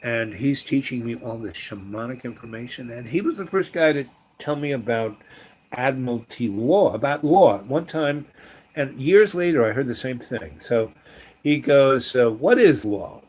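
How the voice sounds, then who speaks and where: A man in his sixties telling a rambling personal story, full of pauses, "um"s and "you know"s, often trailing off quietly. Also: medium pitch, expressive. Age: 60s. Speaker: storyteller host.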